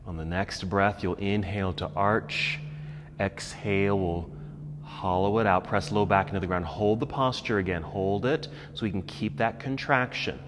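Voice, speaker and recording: A man leading a guided yoga class, giving calm, encouraging cues about posture and breathing. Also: fairly low pitch, moderate pace, in a large hall, a little hiss or hum. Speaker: yoga instructor. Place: yoga studio.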